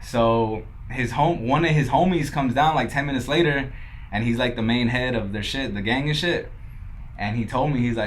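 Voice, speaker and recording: A man's voice: mid-range voice, moderate pace, a little hiss or hum. A young man from Los Angeles, a podcast guest who tells his story casually, swearing often and acting out what others said. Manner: laid-back, swears a lot, quotes others in dialogue.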